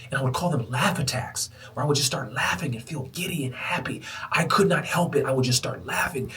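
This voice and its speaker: A man hosting a podcast, telling a personal spiritual story in a lively, preacher-like way. He moves between loud exclamations and hushed, whispered passages. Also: a little high, brisk, distant mic, rough recording. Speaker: podcast host. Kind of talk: motivational storytelling.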